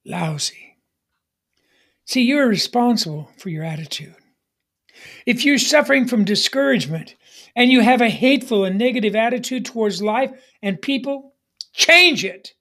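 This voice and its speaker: A folksy preacher in full sermon, stretching key lines slowly and urging the crowd to say them back. The voice swings between soft, hushed asides and louder bursts, and at times it drifts away from the mic. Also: mid-range voice, expressive. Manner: call-and-response, urging the congregation to repeat lines; folksy, humorous storytelling.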